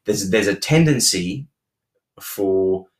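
A man's voice: fairly low pitch, animated, slow. A young adult man co-hosting a relationship podcast, talking earnestly with many restarts and repeated words. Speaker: podcast co-host. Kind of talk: relationship advice chat.

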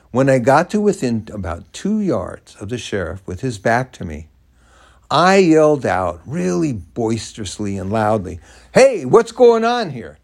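Older man with a lively storytelling voice. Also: lowish voice. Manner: animated, dramatic storytelling. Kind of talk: first-person story narration.

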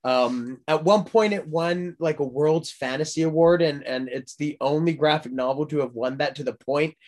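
A man's voice: a little high, normal speed, a little mellow. A young man in casual podcast chat, rambling through a story with many fillers and frequent laughs.

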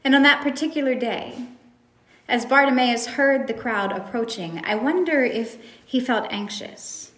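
A woman's voice: on the high side, a little slow, a bit bright. A woman preaching a sermon, retelling a story in a reflective way and asking rhetorical questions.

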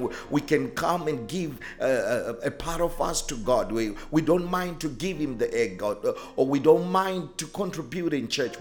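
Pastor guy, slightly high gravelly voice, storytelling into fervent prayer, faint music behind. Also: a little mellow. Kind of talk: short devotional sermon.

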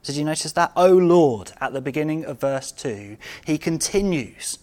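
Man, preacher, sermon, rhetorical questions, very expressive pitch. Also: normal speed. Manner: animated, rhetorical questions to the congregation; swings between loud outbursts and quiet, intimate tones.

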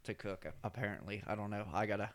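A man's voice: on the low side, steady tone, quick pace, a crowd in the background. A man hosting a podcast in casual chat, teasing his co-host with questions and laughing often. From northern United States.

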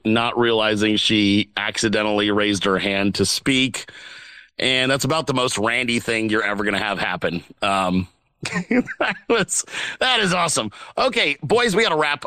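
Bright-voiced male talk host. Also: mid-range voice, smooth, dry recording, low-quality recording. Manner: loose, chatty, conversational. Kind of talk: casual live audio chat. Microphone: remote audio call.

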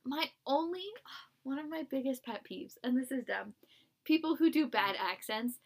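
A young woman co-hosting a podcast in casual chat, chatty and giggly, with quick asides. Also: sits high. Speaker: podcast co-host.

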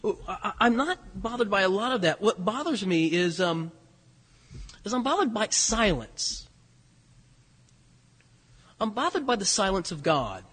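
Male preacher, sermon delivery, husky, echoing church hall. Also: high-pitched, measured pace, long pauses. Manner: animated, rhetorical questions, voices quoted lines. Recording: long hall reverb.

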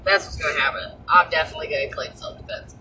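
A young woman chatting casually, telling animated stories, acting out voices, laughing and swearing. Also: low-pitched, rapid-fire. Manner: animated storyteller, acts out dialogue, swears and laughs. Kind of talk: casual chat. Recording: distant mic with background noise.

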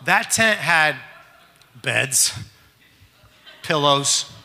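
A father telling a family story in an animated, excitable way. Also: fairly high pitch, gravelly, big-room sound. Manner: animated, excitable, fast-shifting delivery. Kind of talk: casual storytelling.

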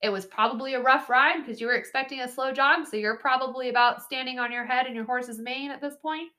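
A woman's voice: sits high, a little fast. A woman hosting a horse training podcast, giving casual, chatty coaching with frequent laughs and "right?" asides. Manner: chatty, animated, laughs often, says "right?" and "like".

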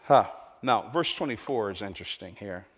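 A man preaching a sermon in a church, emphatic and repetitive, swinging between loud, lifted lines and hushed ones. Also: on the low side, expressive, normal speed, breathy edge. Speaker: pastor. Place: large church hall. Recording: long reverb of a large hall.

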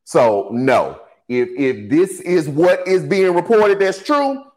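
A man hosting a casual political livestream, talking to his chat in an animated, sassy way. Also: fairly high pitch, slow. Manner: animated, sassy, addresses chat as y'all and baby.

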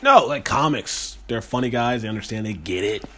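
Fast-talking excitable young man. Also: medium pitch, a little hiss or hum. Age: young adult. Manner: fast, excitable storytelling with swearing. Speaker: podcast co-host. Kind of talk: casual podcast chat.

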